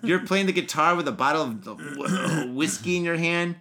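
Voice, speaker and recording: A man's voice: on the high side, normal speed, vocal fry, pushed and bright. A man hosting a podcast in casual chat, swearing freely and laughing often. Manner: swears freely, laughs often, breaks into sung and mimicked lines. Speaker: podcast host.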